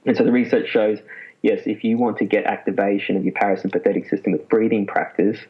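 Man, husky and low, energetic guest explainer, muffled lo-fi recording. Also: quick pace. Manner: animated, laughs often. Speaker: clinical psychologist guest. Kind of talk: casual interview talk. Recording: muffled lo-fi sound.

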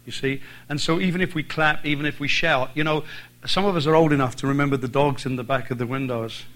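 An Irish man delivers a sermon at middle pitch. He leans on repetition, saying key phrases twice or three times to hammer them home, and his talk runs between plain explanation and rising exhortation. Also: fairly even intonation, fast, a bit bright, low-quality recording. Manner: emphatic, repeats phrases for stress. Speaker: visiting preacher.

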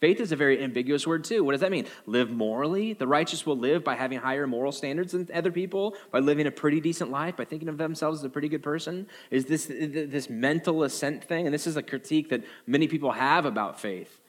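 Guy pastor preaching, kinda high voice, jokey and animated, does funny voices for quotes. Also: fast, few pauses. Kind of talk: sermon.

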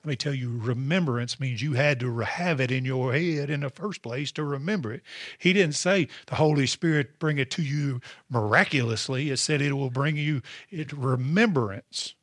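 A man's voice: mid-range voice, no echo, studio quality. A male pastor preaching a sermon, calling out to the congregation for responses. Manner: preaching with call-and-response asides.

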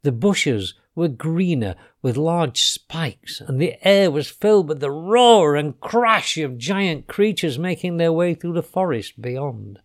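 Slow, expressive male storyteller. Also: fairly high pitch. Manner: expressive, unhurried. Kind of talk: children's storybook narration.

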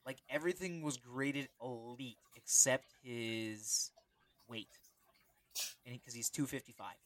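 A man co-hosting a sports podcast in casual chat, rambling and animated, reading stats aloud. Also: mid-range voice, unhurried, no room sound. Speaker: podcast co-host.

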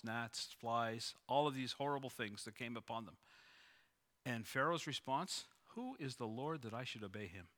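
A middle-aged man delivers a sermon in a loose, conversational style, often restarting and repeating phrases for emphasis. His voice is bright and forward, sitting at an ordinary middle pitch. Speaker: pastor.

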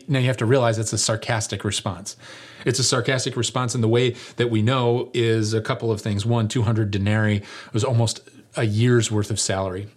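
A man preaching a sermon as pastor, animated and jokey, acting out the lines he quotes. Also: mid-range voice.

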